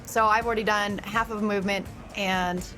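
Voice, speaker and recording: A woman playing in a tabletop role-playing game, chatty and giggly, thinking out loud with fillers. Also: mid-range voice, fairly even intonation, a little fast, soft background music. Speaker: player. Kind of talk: tabletop game play, casual.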